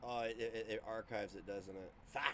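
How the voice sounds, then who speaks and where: A man's voice: fairly low pitch, fairly even intonation, normal speed, very noisy. A man livestreaming, ranting in casual, profane talk as he reacts to clips.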